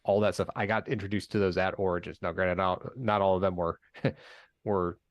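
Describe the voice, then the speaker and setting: A man's voice: low voice, fairly even intonation, a little fast, dry recording, dull audio. A man chatting casually in a group podcast, explaining things at length with frequent restarts. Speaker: podcast regular.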